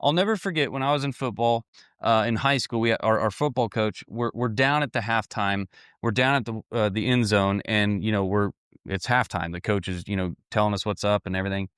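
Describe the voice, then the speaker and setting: A man's voice: fairly low pitch, fairly quick, a bit bright, clear, resonant tone, no echo, studio quality. Blunt folksy man coaching. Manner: blunt, folksy, repetitive with restarts. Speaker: online business coach. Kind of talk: motivational talk to camera.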